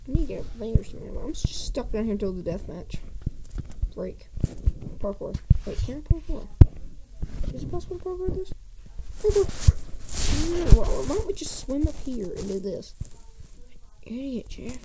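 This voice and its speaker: A woman's voice: mid-range voice, gravelly, very noisy. A woman giving live gameplay commentary, talking to herself in a jumpy, nervous way and often dropping to a whisper.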